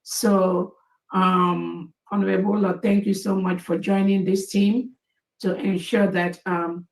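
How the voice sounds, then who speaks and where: A woman giving a formal, measured public speech, heard in a played clip. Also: medium pitch, little pitch movement, a little mellow. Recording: distant, roomy clip audio.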